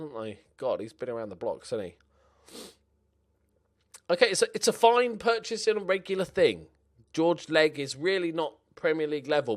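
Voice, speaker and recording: A young man giving casual, animated commentary on his own game play, muttering to himself and swearing now and then. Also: on the high side. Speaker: gaming commentator.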